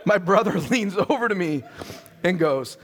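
High-voiced animated male preacher. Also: moderate pace. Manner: animated storytelling with many restarts. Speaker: pastor. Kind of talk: sermon. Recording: long reverb of a church hall.

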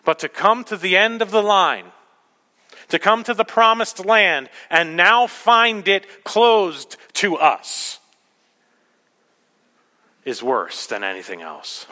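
A grumbling, despairing crowd of wanderers, spoken low and subdued, as a preacher puts them on. The words hang in a long hall reverb. The tone is bright despite the gloom. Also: male voice, sing-song, takes it slowly, long pauses, heavily acted.

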